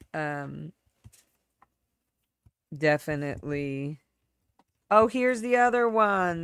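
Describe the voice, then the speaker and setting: A woman's voice: sits low, vocal fry, fairly bright tone, clean tone, no room sound, clean studio sound. A woman hosting a livestream, telling a personal story in a casual, candid, rambling way that often trails off and restarts. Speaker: livestream host.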